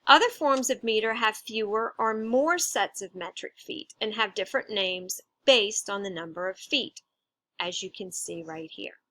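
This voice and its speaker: A woman's voice: medium pitch, normal speed, sharp tone, dry recording. A woman teacher patiently explaining a lesson, stressing syllables as she goes. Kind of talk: recorded instructional lesson.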